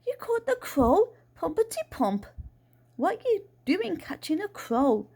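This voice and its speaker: A woman voicing an exasperated, bossy aunt in a read-aloud storybook, sharp and scolding. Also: sits high, sing-song, a little slow, gravelly, pitched above the performer's own voice, exaggerated voice.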